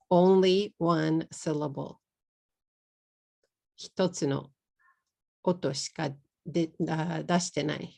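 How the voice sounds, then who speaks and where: A middle-aged woman from Texas with a Texan accent, teaching an English pronunciation lesson slowly and deliberately, repeating words for learners. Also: low-pitched, fairly even intonation, creaky, a little mellow.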